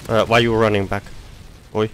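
A man's voice: fairly low pitch, level tone, normal speed. A man streaming a shooter game, commenting in frustrated outbursts and swearing. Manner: frustrated, swearing, exclaiming in disbelief. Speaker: gamer streamer. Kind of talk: live gameplay commentary. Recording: faint noise and game gunfire behind.

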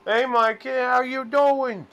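A man's voice: very high-pitched, fairly even intonation, takes it slowly, a bit bright, clean tone, dull audio. A man playing slot machines in a casino and giving playful commentary that drifts into rambling, absurd stories. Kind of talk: casual joking commentary.

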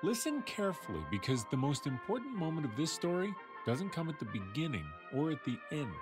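A man's voice: on the high side, big pitch swings, fairly quick, over music. A man hosting a science show, telling a story in a playful, chatty way that speaks straight to the listener. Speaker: host.

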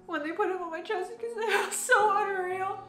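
Young mom vlogger, chatty and emotional; bright tone, roomy echo. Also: female voice, very high voice, a little fast. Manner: chatty, many "like" fillers, emotional. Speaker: vlogger, new mother. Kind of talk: casual storytelling. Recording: echoey room with music behind.

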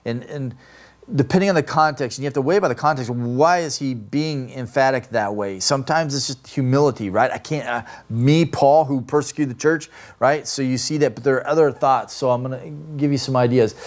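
A man lecturing a class on grammar. He explains patiently, step by step, and keeps checking in with his students as he goes. His voice sits at an ordinary middle pitch. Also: fairly quick, a little mellow. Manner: explanatory, asks "right?" often. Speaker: Greek grammar teacher.

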